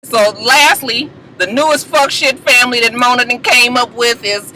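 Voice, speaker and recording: A woman reviewing a TV episode in casual, profane commentary, switching into quick impressions of the people she quotes. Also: fairly high pitch, a little hiss or hum, low-quality recording. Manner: animated, profane, acts out the quoted lines. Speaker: TV show reviewer.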